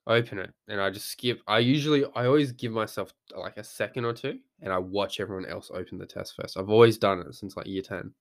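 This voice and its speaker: A man's voice: fairly low pitch, a little fast, few pauses. A young man, talking casually as a podcast host, rambling and swearing freely as he acts out his own thoughts. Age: young adult. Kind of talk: casual monologue.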